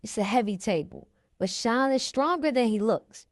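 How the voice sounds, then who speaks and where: A woman reading a memoir aloud in the first person, in a steady manner. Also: fairly high pitch, normal speed, no echo, studio quality. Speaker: reader.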